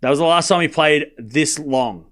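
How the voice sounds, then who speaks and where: Man, high-pitched voice, live tennis stream commentary, casual, chatty with viewers, late night. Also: fairly bright tone. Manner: chatty, banters with viewers, quick score calls. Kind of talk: casual play-by-play commentary and chat replies.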